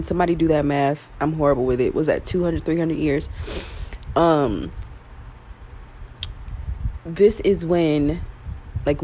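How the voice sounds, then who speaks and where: A woman's voice: low voice, a little mellow, a little hiss or hum. A woman vlogging in a casual, rambling monologue, frank and swearing freely, while getting over an illness with yawns and coughs. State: recovering from illness, yawning and coughing. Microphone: self-recorded.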